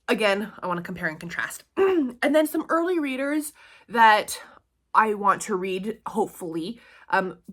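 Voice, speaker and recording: A woman's voice: mid-range voice, fairly bright tone. A young adult woman chatting to camera in a casual vlog, upbeat and chatty with frequent ums and little laughs. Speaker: booktuber and tutor.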